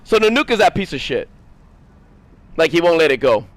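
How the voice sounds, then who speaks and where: Man, high voice, gaming streamer, rambling profane rant, casual. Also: sing-song, no room sound. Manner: rambling, profane, mimics others in quick asides.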